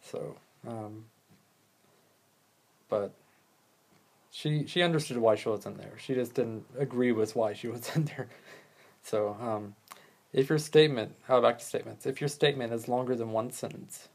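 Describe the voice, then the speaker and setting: A man's voice: mid-range voice, moderate pace, long pauses. A man hosting his own talk show alone, speaking in a loose, rambling way with plenty of swearing and jokes at his own expense. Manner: rambling, profane, joking at himself. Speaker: podcast host. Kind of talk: casual solo talk on listening skills.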